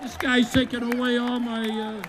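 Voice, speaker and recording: A man from Massachusetts, a sheriff, giving a blunt, joking outdoor rally speech into a microphone, with bursts of shouting. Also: very high voice, flat delivery, normal speed. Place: outdoors at a state capitol lawn. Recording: outdoor rally with crowd noise.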